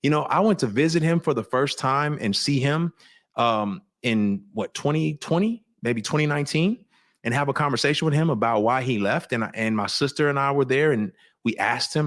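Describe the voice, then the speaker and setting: A man speaking as a guest on an interview show, with an ordinary middle pitch. He talks earnestly and confessionally, reflecting as he goes. He often restarts sentences mid-thought. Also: lively intonation, moderate pace, fairly bright tone. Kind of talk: candid personal storytelling.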